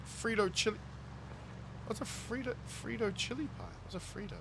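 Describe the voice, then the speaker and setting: A man's voice: high voice, normal speed, gravelly, a bit bright, a little hiss or hum. A man, chatting casually with his live-stream viewers as he plays, reading chat aloud and laughing often. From New Zealand. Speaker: game streamer.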